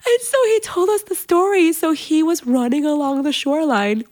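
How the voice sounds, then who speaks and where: A woman guest on a podcast, telling a personal family story in an emotional, animated way, with many fillers. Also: sits high, normal speed.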